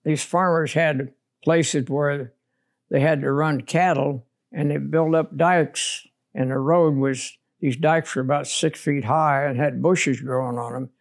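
Gravelly and rough-edged, a little high and steady in tone, the voice belongs to an older veteran speaking unhurriedly in an oral history interview. He describes his war memories bluntly and plainly, without sentiment, in a matter-of-fact way.

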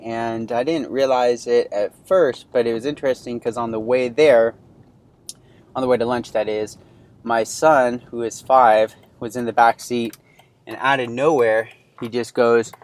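A man's voice: medium pitch, steady tone, unhurried. Rambling man in his thirties hosting. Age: 30s. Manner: rambling, many fillers and restarts. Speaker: podcast host. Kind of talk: casual personal storytelling.

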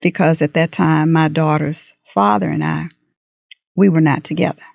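A middle-aged woman candidly recounting a personal story in an interview, animated and acting out the dialogue. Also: low voice, normal speed, creaky, no echo, clean studio sound. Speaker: guest.

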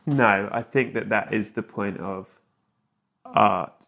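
A man's voice: on the low side, slow, creaky, fairly bright tone. A man hosting a podcast about films, teasing his guest in casual, joking chat with easy swearing. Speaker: podcast host. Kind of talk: casual comedic interview.

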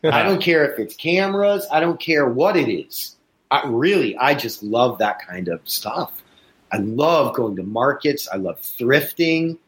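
A man's voice: medium pitch, a little slow. A man in casual conversation as a host, telling anecdotes and acting out the other people's voices. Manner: animated storyteller, acts out voices in anecdotes. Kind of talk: casual chat. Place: Chicago, USA.

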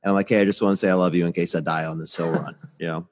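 Podcast host, man in his forties, very low voice, blunt and profane, reverb trailing behind. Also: steady tone, rapid-fire. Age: 40s. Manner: blunt, swears freely, laughs at own stories. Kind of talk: casual chat.

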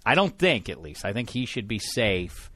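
A man hosting a casual sports podcast, lively and jokey, talking with lots of fillers and restarts. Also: on the low side, normal speed, no echo. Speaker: podcast host.

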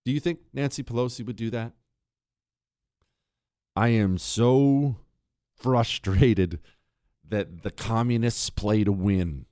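A man's voice: fairly low pitch, slow, pauses often, dark tone, no echo, studio quality. A man hosting a talk radio monologue, ranting in a sarcastic way. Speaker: radio host.

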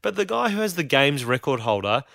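An Australian man speaks as a podcast guest, with wry, self-deprecating humor. His voice is bright and forceful, and the recording is close and dry with no room sound. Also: medium pitch, big pitch swings, a little fast, gravelly, no echo. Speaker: guest supporter. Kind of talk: casual sports chat.

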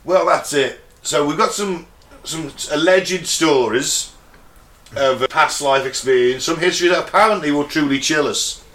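A man's voice: fairly high pitch, moderate pace, fairly bright tone. An English man co-hosting a podcast, reading out a case from notes and laughing along with friends. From England. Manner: laughs often, reads notes then riffs. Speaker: podcast co-host. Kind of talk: casual chat, reading out a case. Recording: echoey room.

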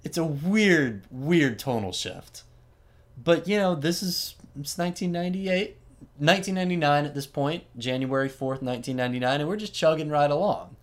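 A man host casually retelling a story, animated and chatty, with frequent asides and fillers. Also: on the high side, brisk.

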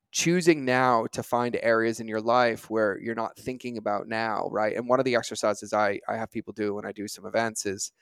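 A man's voice: fairly low pitch, gravelly, a bit bright, clear, resonant tone, dry recording. A man hosting a podcast, chatting casually and energetically with a guest and acting out stories with quoted dialogue. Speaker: podcast host. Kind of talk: casual interview chat.

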